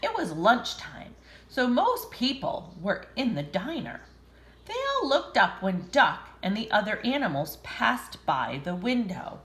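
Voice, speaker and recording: Expressive woman reading a picture book. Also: fairly high pitch, unhurried, reverberant. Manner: expressive, chatty asides. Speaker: storybook reader. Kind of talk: reading aloud to children.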